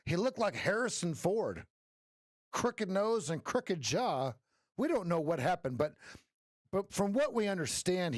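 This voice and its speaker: A man's voice: high voice, very animated, a little slow, no room sound, clean studio sound. A man hosting a live trading stream, chatting casually and joking with viewers, laughing often.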